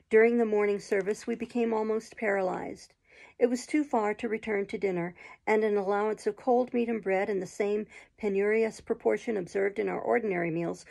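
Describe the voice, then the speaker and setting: A woman reading a classic novel aloud as an audiobook narrator, in steady, measured storytelling with occasional stumbles. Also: medium pitch, vocal fry.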